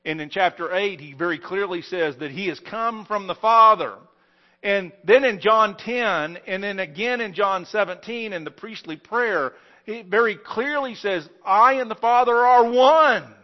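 A male preacher with a high voice delivers an emphatic sermon, pushing some phrases out loud and slow, then dropping others low and quiet. The recording is dull and lo-fi, like a plain church capture. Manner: emphatic preaching with wide swings in loudness and slow stressed phrases. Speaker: pastor.

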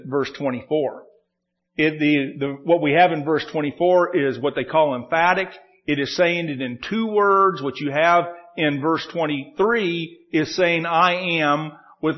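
A man preaching a sermon, teaching verse by verse and slowing down to lift up the quoted lines. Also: fairly high pitch, highs cut off. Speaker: pastor.

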